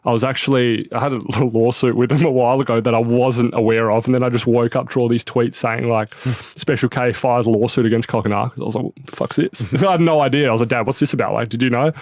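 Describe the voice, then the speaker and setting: Brief: Australian man, 20s, animated storyteller, swears a lot, mid pitch, dry close sound. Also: fast, few pauses, dry recording. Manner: animated, swears freely, acts out quotes. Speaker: podcast guest. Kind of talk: casual storytelling chat.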